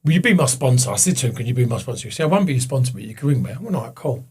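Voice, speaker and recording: A man guest with a husky voice, telling a candid, sweary personal story in casual chat and acting out the voices of the people he quotes. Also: medium pitch, sing-song, rapid-fire, a little mellow.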